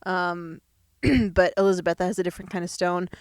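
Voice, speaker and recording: A woman's voice: on the low side, steady tone, moderate pace, clean tone, dry recording, studio quality. A young woman co-hosting a podcast, recapping a movie in casual chat, laughing often and full of fillers. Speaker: podcast co-host.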